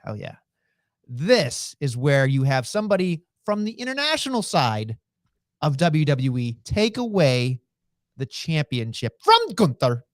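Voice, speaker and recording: A podcast co-host in a casual wrestling chat, talking in an animated, excitable way with lots of fillers. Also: mid-range voice, a little slow, no echo, clean studio sound.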